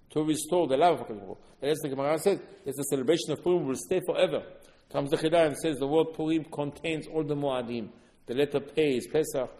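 A man giving an earnest Torah sermon, repeating words and bursting into loud emphasis. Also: fairly high pitch. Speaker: religious teacher. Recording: long hall reverb.

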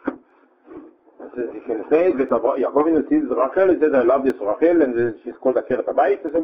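A rabbi teaching Torah speaks at a mid pitch and a slightly fast pace, going through Hebrew verses line by line. He often halts and restarts sentences, and the sound is narrow and tinny like a phone line.

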